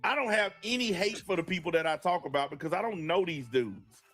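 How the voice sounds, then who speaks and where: A man's voice: high-pitched, lively intonation, brisk, a bit bright, faint music behind. A man in a played clip, a content creator talking casually in an offhand, defensive way. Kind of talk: casual talk.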